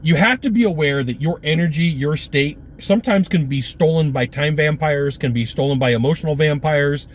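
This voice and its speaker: A man giving an energetic, punchy sales coaching talk with lots of repetition. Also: a little high, normal speed, few pauses, a little hiss or hum.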